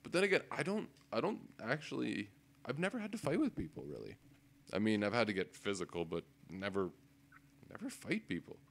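A podcast co-host tells a casual story into a desk microphone, swearing often and laughing as he goes, an animated and profane storyteller. His voice is fairly low with vocal fry, and he speaks briskly.

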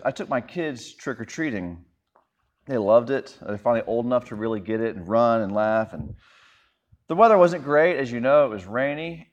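A man's voice: medium pitch, dull audio. A man in his thirties, a pastor preaching a sermon in a conversational, self-deprecating storytelling way.

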